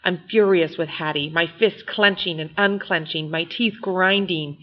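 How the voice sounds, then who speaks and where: A woman narrates a novel in first person, reading in a measured yet expressive way. Her voice sits somewhat low. The recording sounds slightly muffled and lo-fi. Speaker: audiobook narrator.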